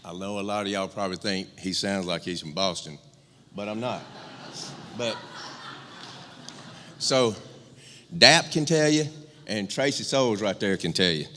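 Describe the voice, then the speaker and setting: His voice is lowish, bright, and forceful, with a measured pace, frequent pauses, and slight background noise. A middle-aged younger brother from rural Georgia, he eulogizes his older sibling in a church sanctuary, joking candidly through stories with many fillers and restarts, all under long church-hall reverb.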